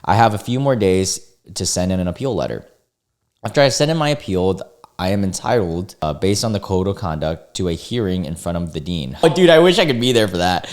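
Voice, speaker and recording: A man's voice: low-pitched, a little fast. A man hosting a casual reaction video, reading forum posts aloud and reacting with cursing, exclamations and disbelief. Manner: animated, swears freely, exclaims in disbelief. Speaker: YouTube reaction host.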